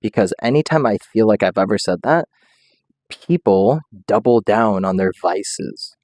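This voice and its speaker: Male streamer, rambling comedic monologue, jokey, low voice, dry close sound. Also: expressive, unhurried, darkish tone, dry recording. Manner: jokey, rambling, laughs often and acts out quotes in voices.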